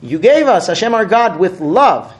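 A man's voice: high-pitched, very animated, normal speed. A man leading a group through a mock Seder, explaining terms and chanting the blessings. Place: room with a group.

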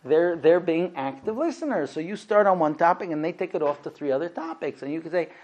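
A man's voice: a little high, animated, brisk, darkish tone. A man lecturing a class about marriage, animatedly acting out both sides of conversations.

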